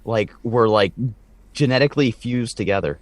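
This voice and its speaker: A man's voice: mid-range voice, lively intonation, normal speed, dry recording. A man co-hosting a podcast, rambling in a crude, joking way in casual chat. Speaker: podcast co-host.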